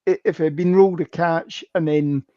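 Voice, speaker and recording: A man's voice: a little high, steady tone, a little fast, dark tone, no echo. A man from the United Kingdom co-hosting a casual sports podcast, rambling and emphatic. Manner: rambling, emphatic, swears mildly. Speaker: co-host. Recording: dull lo-fi dry recording.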